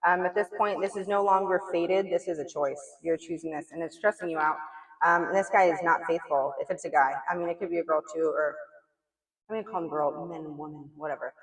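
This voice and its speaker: Casual tarot reader, blunt and chatty, heavy "like" filler, mid-pitched voice, distant and roomy sound. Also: fairly even intonation, brisk. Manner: blunt, chatty, swears, lots of "like" and "you know". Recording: echoey room, mic far off.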